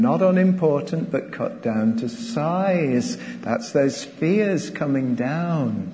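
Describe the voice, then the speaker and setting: A man's voice: fairly high pitch, animated, slow pace, few pauses, dark tone, a little hiss or hum. A man preaching a sermon, earnest and exhorting, asking his listeners rhetorical questions. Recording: long hall reverb.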